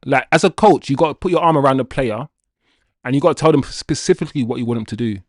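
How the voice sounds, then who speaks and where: Speaking quickly at a medium pitch, a man runs a football livestream, reading chat comments aloud and joking around with viewers. His delivery is animated and playful as he talks right to his audience, in a dry, clean studio recording.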